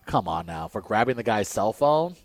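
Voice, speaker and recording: A man's voice: lowish voice, sing-song, normal speed, no echo. A man hosting a casual sports talk show, reading news items aloud and then giving emphatic, opinionated takes.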